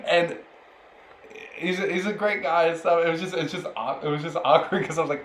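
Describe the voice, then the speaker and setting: A young man co-hosting a podcast rambles through a story in casual chat, laughing often as he goes. His voice is fairly high and fairly bright, steady in tone, and brisk. The recording has a roomy echo and faint background noise.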